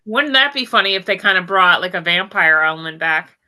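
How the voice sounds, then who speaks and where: A woman's voice: mid-range voice, expressive, quick pace, few pauses, sharp tone, rough recording. A woman co-hosting a casual chat podcast, candid and chatty, laughing easily. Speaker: podcast co-host.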